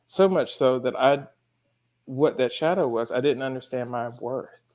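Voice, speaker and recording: A man's voice: mid-range voice, normal speed, a little mellow. A man, a life coach and guest, telling a story in a casual spiritual chat. He laughs often and curses casually.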